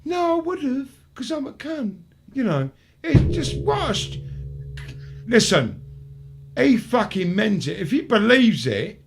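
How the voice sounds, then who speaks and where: A man hosting a live-streamed talk show, ranting and swearing nonstop and slipping into high mocking voices when he quotes people. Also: big pitch swings, a little slow, gravelly, soft background music. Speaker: show host.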